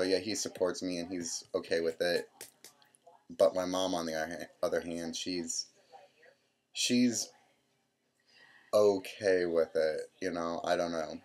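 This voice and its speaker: Young man in his twenties, deep low voice, casual rambling storyteller, lots of quoted dialogue. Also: darkish tone. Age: 20s. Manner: rambling, full of "I'm like" quotes. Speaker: vlogger.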